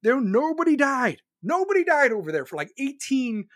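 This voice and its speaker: A man's voice: extremely high pitch, sing-song, moderate pace, a bit bright, dry recording. A man in his forties ranting angrily and crudely, repeating himself for emphasis. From United States. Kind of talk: profane ranting monologue.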